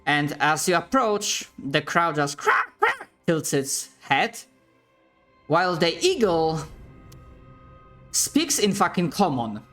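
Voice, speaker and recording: A man's voice: on the high side, wildly swooping pitch, slow, bright, forceful tone, faint music behind. Hesitant male game master. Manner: hesitant, filler-heavy narration. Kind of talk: narrating a tabletop game.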